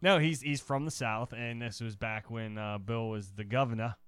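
A man's voice: medium pitch, fairly even intonation, normal speed, fairly bright tone, clean tone, no room sound. A man telling a rambling story on a casual podcast, searching for words and laughing often. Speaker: podcast guest.

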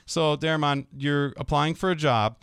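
A man with a smooth, slightly high voice tells classroom stories in relaxed podcast banter. He jumps into his students' voices as he goes. The recording is dry and close. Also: moderate pace, no echo. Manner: animated storyteller, acts out students' voices. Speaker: middle school teacher, guest. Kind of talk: casual podcast storytelling.

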